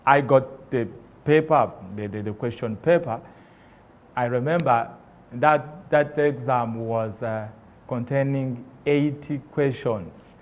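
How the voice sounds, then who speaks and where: A man telling an emotional personal story on stage as a motivational speaker, acting out the voices in it and swinging from loud to soft. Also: mid-range voice. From Rwanda. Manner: impassioned, acts out dialogue, swings loud and soft. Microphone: stage microphone.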